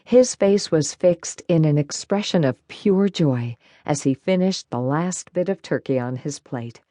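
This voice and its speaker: Woman reading an audiobook, low voice, lots of ups and downs, first person. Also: animated, unhurried, warm tone, dry recording, clean studio sound. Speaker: audiobook narrator.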